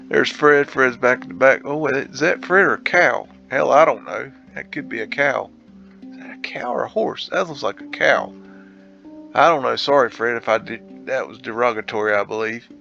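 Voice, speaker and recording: Male host, slow rambling commentary with slangy asides, bright edge, dull lo-fi sound with faint guitar music under it. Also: medium pitch, vocal fry. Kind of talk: casual photo-tour commentary.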